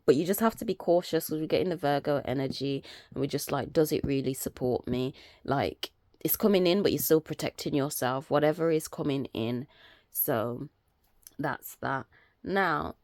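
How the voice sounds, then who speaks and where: A woman's voice: low-pitched, moderate pace, mellow, no room sound. A woman giving a casual weekly tarot and astrology update, chatty and rambling with many fillers.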